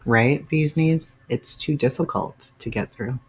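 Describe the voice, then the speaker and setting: A man's voice: medium pitch, measured pace, slightly rough. A man hosting a casual livestream, answering viewers' chat by name and sounding emotional and sighing as he talks. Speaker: livestream host.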